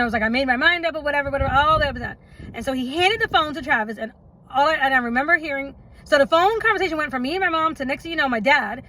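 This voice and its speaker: A woman's voice: high voice, bright, forceful tone, poor audio. A woman telling her own life story in a casual storytime vlog, chatty and rambling, often stopping for asides and laughs.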